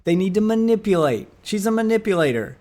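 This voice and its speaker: A man's voice: high voice, very animated, a little fast, darkish tone. A man commentating on a live stream, mocking and scornful, talking back at the screen.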